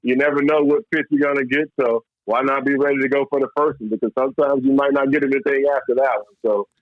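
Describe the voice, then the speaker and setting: This fast-talking former professional ballplayer from Louisville, Kentucky, US, has a mid-range voice and tells his story in a casual interview with no room sound. He says "man" often, restarts a lot, and stays animated, on dull, dry, lo-fi audio.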